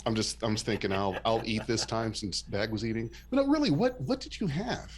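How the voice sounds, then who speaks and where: A man co-hosts a relaxed podcast chat, playful and teasing in tone. His pitch is lively and bounces around as he talks. The voice sits in a middle range. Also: fairly quick. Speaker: podcast co-host. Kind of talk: casual chat.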